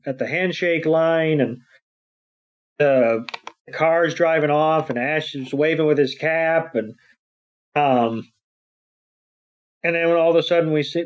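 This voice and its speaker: A man co-hosting a podcast, recapping a cartoon episode in a rambling, animated way with lots of um's and restarts. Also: on the high side, smooth. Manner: rambling, many fillers and restarts, animated retelling. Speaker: podcast co-host.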